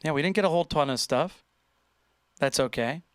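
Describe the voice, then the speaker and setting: A man hosting a casual livestream, chatting in an animated way, joking and reading viewer comments aloud. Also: a little high, fairly quick, clean tone, dry recording, clean studio sound. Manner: chatty, animated, reads chat aloud and jokes. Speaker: livestream host reacting to viewer posts.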